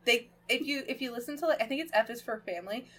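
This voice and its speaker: A woman's voice: fairly high pitch, fast, fairly bright tone. A young woman co-hosting a podcast, chatting casually, swearing freely and filling her talk with "like". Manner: swearing, laughing, lots of "like" fillers. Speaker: podcast co-host. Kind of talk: casual chat.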